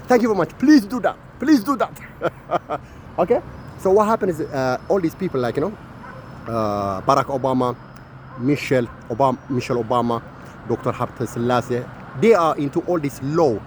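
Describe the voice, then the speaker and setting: A man from the Horn of Africa, giving a rambling ranting monologue that keeps repeating "my friend" and swings between loud and soft. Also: on the high side, a little hiss or hum.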